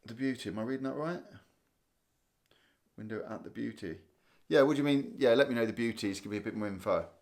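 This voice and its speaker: A man's voice: medium pitch, fairly quick, pauses often. A man from Guernsey hosting a casual live stream, tired and chatting loosely as he reads viewer comments aloud. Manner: chatty, rambling, thinks aloud with restarts and small laughs. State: tired, yawning. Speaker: livestream host.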